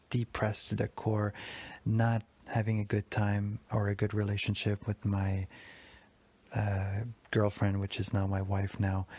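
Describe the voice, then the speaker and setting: A young man on a podcast, candidly telling personal dream stories in a rambling way, acting out the quoted lines with jumps in pitch. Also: a little mellow. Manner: rambling, candid, with frequent restarts and fillers. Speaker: podcast host. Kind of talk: casual personal storytelling.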